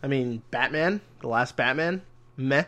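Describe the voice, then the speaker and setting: A man's voice: mid-range voice, a little slow, sharp tone. Profane ranting man. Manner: profane, ranting, mocking voices. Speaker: podcast co-host. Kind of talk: casual movie news chat.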